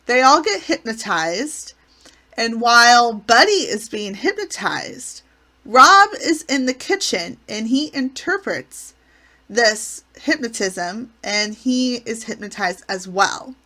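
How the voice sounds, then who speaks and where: A woman's voice: a little high, very animated, slow, sharp tone. A woman hosting her channel, recapping sitcom episodes in an enthusiastic, gushing way. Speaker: channel host reviewing a classic sitcom.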